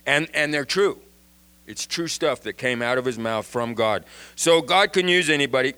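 Animated man teaching the Bible. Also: medium pitch, moderate pace, smooth. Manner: animated, restarts and repeats words.

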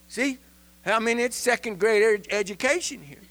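A man giving an informal Bible lesson in an animated way, often restarting and repeating words. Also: high-pitched, moderate pace. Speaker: Bible teacher.

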